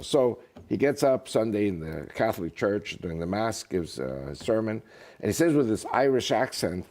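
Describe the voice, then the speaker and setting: A man's voice: lowish voice, moderate pace. A man talking as a guest in a casual interview, telling jokes and stories. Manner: animated, joking storyteller. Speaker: guest speaker.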